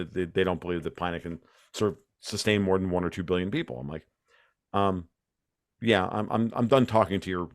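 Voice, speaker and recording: Deep-voiced and American, he is heard on a dry, clean studio recording. He's a guest in a lively conversational interview, giving his opinions in emphatic rants and frequently starting his sentences over.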